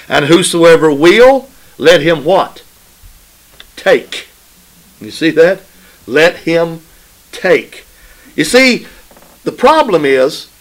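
Slow, emphatic man preaching a sermon. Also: on the high side, poor audio. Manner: call-and-response preaching, asks congregation "right?"; emphatic, repeats phrases for stress.

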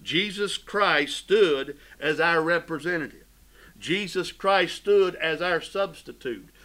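A pastor preaches fervently to his congregation in a bright, forceful voice that sits slightly high for a man, speaking slowly. He swells loud on key phrases and suddenly drops to a hush on others, and the recording is rough.

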